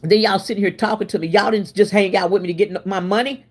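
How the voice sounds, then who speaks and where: A woman hosting a casual cooking livestream, chatty and expressive, laughing and answering her viewers while she cooks in her home kitchen. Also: medium pitch, fast. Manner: chatty and expressive, laughing and talking back to chat. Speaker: livestream host.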